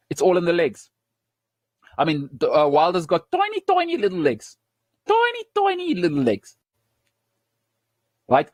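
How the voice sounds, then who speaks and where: A man hosting a sports show, giving strong opinions with plenty of emphasis. His voice sits a little high for a man, and it is recorded close and dry with almost no room sound. He hammers his points home by repeating them and often restarts his sentences. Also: no room sound. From South Africa. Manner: forceful, emphatic, repeats key phrases, many restarts.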